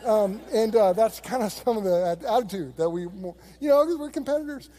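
Middle-aged male pastor, high and mellow voice, chatty storytelling sermon, hall reverb. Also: expressive, fairly quick. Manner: conversational storytelling preaching. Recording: long reverb of a large hall.

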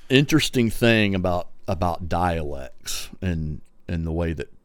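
Deep-voiced man with a West Texas drawl. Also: lively intonation, a little slow, smooth, no echo. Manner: rambling, many fillers and restarts. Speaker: podcast co-host. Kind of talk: casual chat.

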